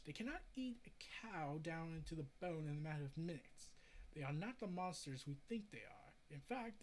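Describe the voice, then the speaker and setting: A man's voice: fairly high pitch, rough recording. A man voicing a middle-aged marine biologist who explains in a lecturing way.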